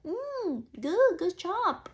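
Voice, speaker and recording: Her voice is very high and very animated, and she speaks very slowly. A young woman student teacher, she reads a picture book aloud to imaginary children, musing encouragingly and frequently using "so" and "mm."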